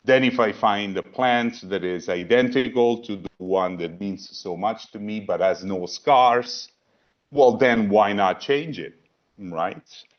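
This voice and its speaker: A man's voice: lowish voice, takes it slowly. A man giving a philosophy talk on a video call, thinking aloud with repeated words and asides. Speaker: panel presenter. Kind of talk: philosophy talk in a virtual program. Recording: dull lo-fi video call audio.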